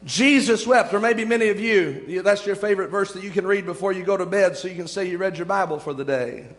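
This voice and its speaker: A preacher with a very high voice delivers a fervent sermon, stretching out scripture phrases for weight. The sound rings with the long reverb of a church hall. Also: male voice. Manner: fervent, slows to drawn-out emphasis on scripture.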